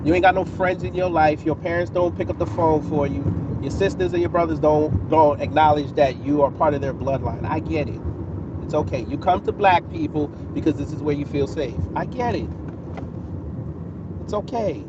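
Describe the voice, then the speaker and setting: New male streamer, taunting and coolly threatening, set back from a muffled mic with clear background noise behind. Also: fairly high pitch, moderate pace, recorded from a distance. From New York City. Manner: taunting, mocking, calmly menacing. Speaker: livestream host answering chat. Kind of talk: casual live-stream roasting.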